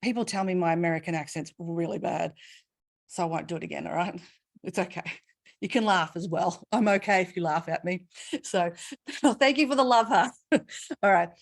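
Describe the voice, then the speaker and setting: A middle-aged Australian woman giving a webinar keynote, telling stories with expressive emphasis and asking rhetorical questions. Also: fairly low pitch, normal speed, gravelly, long pauses. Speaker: keynote speaker.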